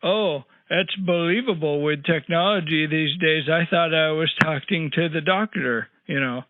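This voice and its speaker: A man's voice: fairly high pitch, unhurried, no echo, lightly acted. A man playing a cranky, rambling old man on a prank phone call, grumbling with crude asides. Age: older. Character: cranky rambling old man caller, married sixty years. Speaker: prank caller. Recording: tinny phone line, dry.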